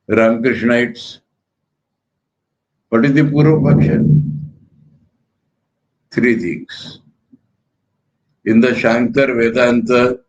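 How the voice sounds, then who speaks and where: An older man with an Indian accent, a monk giving a spiritual lecture in a measured, emphatic way that repeats key words. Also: medium pitch, dull audio.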